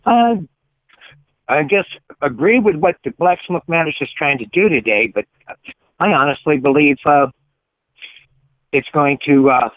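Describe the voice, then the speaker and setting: A man calling into a show, a former truck driver who speaks hesitantly with many pauses. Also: fairly high pitch, animated, dry recording. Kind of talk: phone-in conversation. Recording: tinny phone line.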